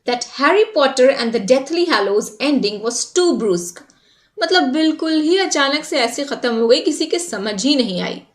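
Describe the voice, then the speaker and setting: A woman with an Indian English accent teaching vocabulary in a live online class, calling on students by name and switching into Hindi for quick explanations. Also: high-pitched, expressive.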